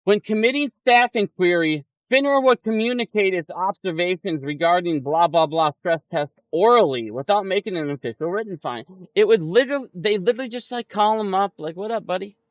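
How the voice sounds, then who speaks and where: A man's voice: high-pitched, expressive, a little fast, few pauses, no room sound. A man ranting angrily and profanely in a livestream commentary, mocking the people he quotes in put-on voices. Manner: profane, angry ranting with frequent swearing. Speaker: stock market streamer. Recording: dull lo-fi audio, dry.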